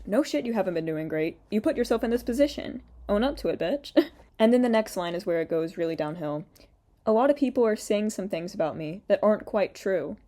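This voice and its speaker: Young woman, sarcastic, swears a lot, laughs between lines, mellow voice, casual reaction commentary. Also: medium pitch, animated, fairly quick. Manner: mocks quoted lines in a put-on voice. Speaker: commentary YouTuber.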